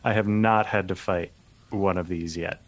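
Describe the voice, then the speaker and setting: Man, podcast co-host, casual chat, nerdy and relaxed, fairly low voice. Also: moderate pace, no room sound.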